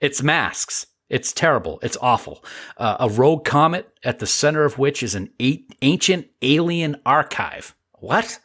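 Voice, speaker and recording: A man's voice: mid-range voice, expressive, a little slow, fairly bright tone. Joking, rambling male podcast co-host. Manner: joking, rambling with frequent restarts. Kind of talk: casual podcast chat.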